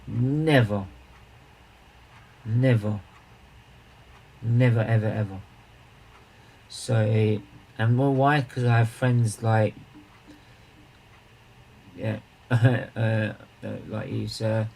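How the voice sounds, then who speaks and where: A man's voice: lowish voice, fairly even intonation, very slow, gravelly, long pauses, a little mellow, a little hiss or hum, poor audio. A man hosting a charity live stream, chatting casually with viewers, rambling and restarting his sentences as he greets people and banters.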